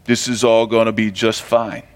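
A man voicing a self-assured foreign army commander with a Brooklyn accent, breezy and lower than his usual voice. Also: little pitch movement, moderate pace, clean tone, close to an everyday voice. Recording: long hall reverb.

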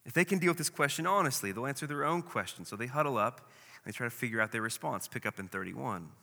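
A male pastor preaches with a bright, forceful voice that rings out through a long, reverberant hall. He is dramatic and slips into the voices of the people in his story. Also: medium pitch, lively intonation, fast talker, creaky. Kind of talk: sermon.

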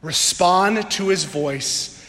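Earnest male pastor, high voice, sermon in a church with long ringing reverb. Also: sharp tone. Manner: earnest, draws out key words slowly for emphasis. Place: church sanctuary before a congregation. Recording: echoey hall with long reverb.

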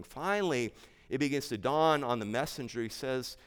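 A man preaching a sermon, telling a story in slow, emphatic phrases with dramatic pauses. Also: medium pitch, animated.

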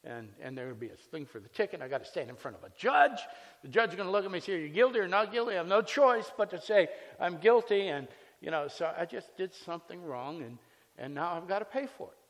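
A male pastor delivering a sermon, slipping from solemn scripture reading into an easygoing personal anecdote. His voice sits a little higher than most men's. It rings out with a long reverb, as if filling a large church sanctuary. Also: very animated, fast talker, fairly bright tone. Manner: conversational storytelling with scripture reading.

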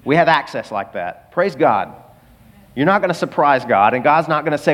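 A male pastor preaching in a church. His voice sits a little high for a man, and he talks in an animated, conversational way, turning to people in the pews. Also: moderate pace, long reverb tail. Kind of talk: sermon.

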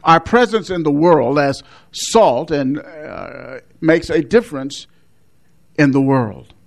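A male pastor delivers a measured sermon. His voice sits fairly high for a man, and he leans hard on repeated words for emphasis. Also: animated, gravelly. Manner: measured preaching with emphatic repetitions.

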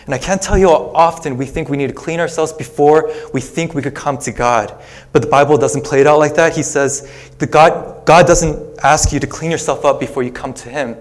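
A pastor, a man, preaching a sermon in a relaxed, conversational way, retelling a scripture story with casual asides. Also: on the high side, brisk.

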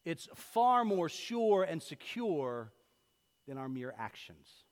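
A man preaching a sermon as pastor, telling everyday stories in a lively way that swings from loud to hushed. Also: on the high side, slow. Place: church sanctuary. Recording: long hall reverb.

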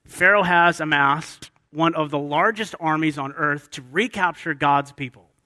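Emphatic preaching man, bright voice. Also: a little high, a little slow. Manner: emphatic preaching, asks the audience questions. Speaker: pastor. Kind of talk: sermon. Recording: long hall reverb.

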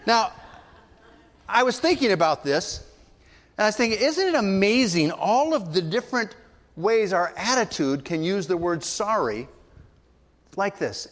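An older male pastor preaches, his voice sitting high for a man. He tells stories and slips into voices for the people in them. The sound rings with long reverb, as in a church hall. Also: lively intonation, normal speed. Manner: storytelling, acts out voices in quotes. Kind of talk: sermon.

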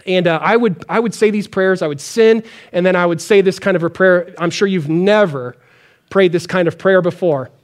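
A man with a high voice preaches a sermon in a conversational, chatty way. He acts out pleading prayers as he goes. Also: normal speed. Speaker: pastor.

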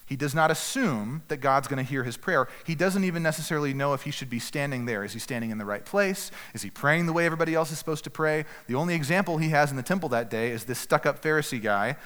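A male pastor preaching to his congregation at an ordinary middle pitch. He grows animated as he acts out the prayers he quotes, swinging from loud to soft. His voice rings with the long reverb of a church hall. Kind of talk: sermon.

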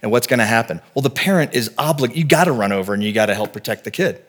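A man in his forties preaches a sermon with a voice of ordinary, middle pitch. He talks to the congregation in a relaxed, earnest way. He moves easily between teaching and vivid personal storytelling. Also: quick pace. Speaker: pastor.

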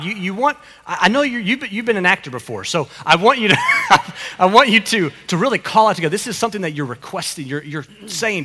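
A man preaching a family sermon as pastor, animated and encouraging as he coaches children through the psalm, often repeating his phrases. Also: sits high, a little fast, slightly rough, big-room sound.

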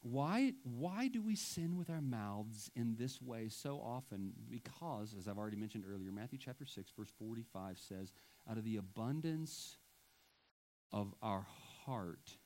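A man's voice: mid-range voice, darkish tone. A male pastor preaching a sermon with emphatic delivery and wry asides.

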